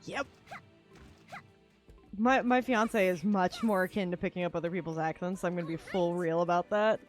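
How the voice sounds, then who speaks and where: A young woman streaming a game, chatting casually in a rambling way, full of "like" fillers and quick laughs. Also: on the low side, soft background music. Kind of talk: casual chat while gaming.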